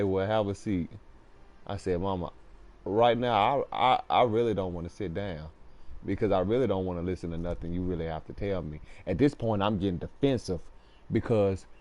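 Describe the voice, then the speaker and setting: Speaking in a low pitch at a normal pace, a young man animatedly recounts something that happened to him, casually voicing each person in the story.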